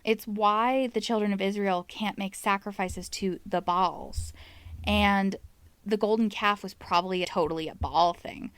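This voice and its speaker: A woman's voice: medium pitch, a little slow, smooth, dry recording. A woman hosting a paranormal podcast, chatting casually about demon lore with wry asides. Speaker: podcast host.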